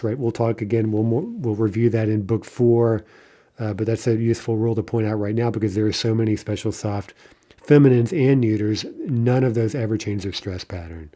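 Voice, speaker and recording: A middle-aged man teaching a recorded language lesson, explaining patiently, often adding "right?" and slowing down to say example words. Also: medium pitch, mellow.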